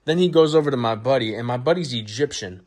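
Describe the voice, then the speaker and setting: A man's voice: medium pitch, lively intonation, quick pace, a little mellow. A man hosting his own channel, telling a comic story in a crude, boastful way with lots of swearing. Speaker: vlog host. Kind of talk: profane comedic storytelling.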